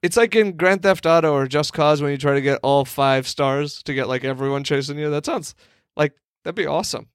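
A man co-hosting a podcast in casual comedy chat, joking and excitable, swearing when worked up. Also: fairly high pitch, brisk, hardly any pauses, clear, resonant tone, no room sound, clean studio sound. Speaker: podcast co-host.

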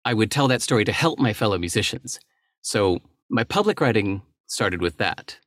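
On a podcast, a middle-aged man who writes and runs businesses talks reflectively, thoughtful and candid, occasionally laughing softly or restarting a sentence. He speaks at normal speed in a lowish, fairly bright voice with lively intonation, recorded dry in a studio.

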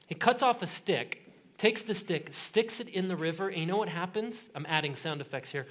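High-voiced pastor telling a lively story. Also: male voice, moderate pace. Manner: animated storytelling, acts out voices in quotes; casual, joking tone. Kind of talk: sermon.

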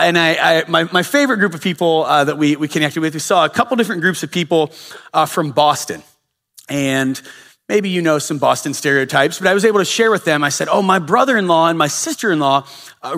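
A man's voice: on the high side, a bit bright. A male pastor giving a sermon in a casual storytelling way, with frequent filler uhs. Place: church sanctuary. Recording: long reverb of a church hall.

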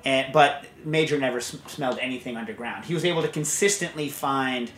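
A man's voice: medium pitch, brisk, fairly bright tone. A man hosting a casual podcast, wandering from story to story with lots of fillers and restarts. He also reads out a listener's question in the same loose, talky way. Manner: rambling, digressive, many fillers and restarts. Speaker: podcast host. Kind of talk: casual chat.

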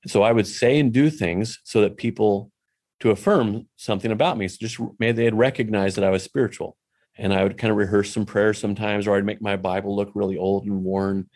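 A man's voice: lowish voice, fairly even intonation, fairly quick, a little mellow. Guy telling a story about himself, laid back, lots of you know's, pokes fun at himself. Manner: candid, self-deprecating, full of "you know" asides. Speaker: speaker telling a personal faith story. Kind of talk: casual storytelling talk.

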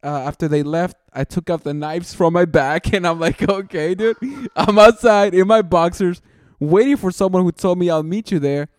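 A man's voice: high-pitched, moderate pace, a little mellow, no echo, studio quality. A young man telling a long story in casual chat, rambling and saying "dude" constantly, often laughing at himself.

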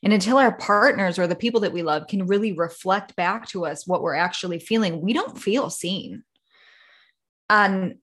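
A woman's voice: mid-range voice, slightly rough. A woman hosting a solo podcast, talking casually and rambling, with many fillers and acted-out examples. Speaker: podcast host.

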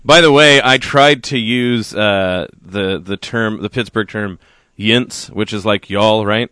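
A man's voice: lowish voice, bright, forceful tone, smooth, no room sound. A man from Oklahoma co-hosting a radio talk show from a studio, chatting casually and joking. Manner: jokey, quick laughs, frequent restarts. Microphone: studio microphone.

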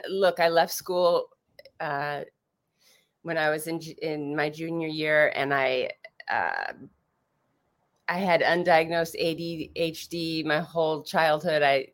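A woman in her fifties with a notably low voice, chatting as a podcast guest. She rambles, restarts her sentences and drops "like" every few words in a Valley Girl way. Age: 50s. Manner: says "like" often, talks like a Valley Girl. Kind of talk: casual chat.

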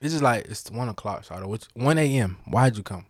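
A man's voice: medium pitch, expressive, fairly quick, slightly rough, no room sound, studio quality. A young man in casual podcast chat, blunt and profane, with heavy slang and frequent laughs.

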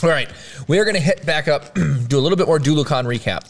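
Animated, playful male stream host. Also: a little high, fast talker. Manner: playful, animated, laughs a lot. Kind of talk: casual livestream chat.

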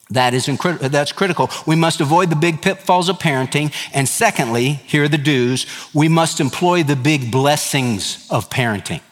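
A man's voice: medium pitch, a bit bright. A middle-aged male pastor preaching a sermon in an earnest, emphatic way, often working through numbered points. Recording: hall reverb.

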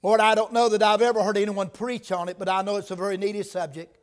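High-voiced preacher in a reverberant church. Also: male voice, level tone, fast. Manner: builds from quiet prayer to loud emphatic preaching. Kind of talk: sermon. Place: church sanctuary. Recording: long reverb of a church hall.

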